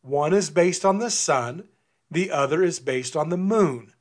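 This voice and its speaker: A man's voice: fairly high pitch, animated, measured pace. A man giving an informal sermon and Bible teaching, talking conversationally and often repeating words as he restarts. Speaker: preacher.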